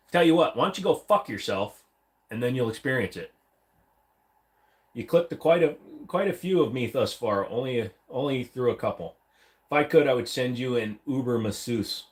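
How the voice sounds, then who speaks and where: A man hosting a casual livestream, reading viewer comments and rambling with jokes and silly voices from his room at home. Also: mid-range voice. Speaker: livestream host. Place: home room, seated against a wall.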